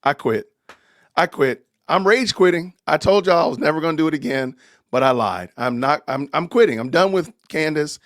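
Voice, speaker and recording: Podcast host, male, fairly high voice, dry close sound, animated and joking. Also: brisk, no room sound. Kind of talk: casual live-stream commentary.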